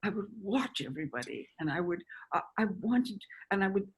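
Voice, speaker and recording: A woman in her nineties, an actress reminiscing in a chatty, halting way over a video call. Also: medium pitch, expressive, breathy edge. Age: 90s. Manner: chatty, halting with restarts and laughter. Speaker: actress guest. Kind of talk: casual interview reminiscing.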